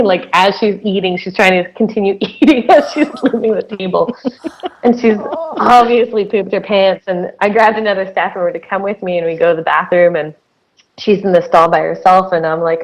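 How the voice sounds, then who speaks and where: A woman's voice: lowish voice, steady tone, normal speed, dull audio. A woman co-hosting a podcast, telling camp stories in casual chat and laughing as she talks. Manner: giggly storyteller who laughs mid-sentence. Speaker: podcast co-host, camp director.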